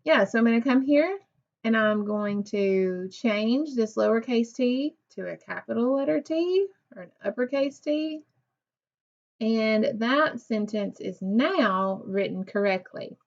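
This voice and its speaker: A woman teaching a recorded reading lesson to young children, speaking slowly and patiently, praising and asking questions of pupils who aren't there. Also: fairly high pitch, animated, lo-fi sound. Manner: slow, patient, encouraging, asks questions to unseen pupils.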